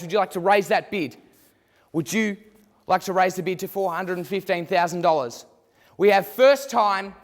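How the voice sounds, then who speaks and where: A man with a high voice works the room as auctioneer, pressing the crowd for bids again and again. His voice rings out with a long hall reverb. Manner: theatrical, repetitive bid calling. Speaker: student auctioneer. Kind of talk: mock auction calling.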